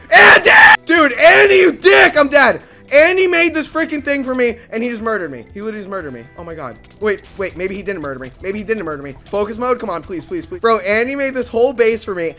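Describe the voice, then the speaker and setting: A young man narrating his game in a bright, forceful voice that leaps up and down. He mutters under his breath, then bursts into yells and curses. Music plays faintly behind him. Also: high-pitched. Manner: frantic, swearing, swings from mumbling to yelling. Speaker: gaming video creator. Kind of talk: excited gameplay commentary.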